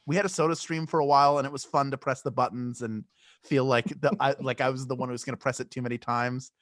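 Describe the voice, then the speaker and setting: A man's voice: mid-range voice, steady tone, quick pace, no echo, studio quality. Rambling, joking male podcast co-host. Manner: rambling, self-interrupting, joking. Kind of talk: casual chat.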